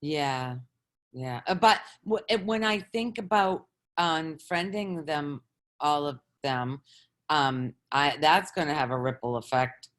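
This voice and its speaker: A woman's voice: low voice, takes it slowly. A woman asking for guidance in a casual conversation, hesitant and searching for her words. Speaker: participant seeking guidance.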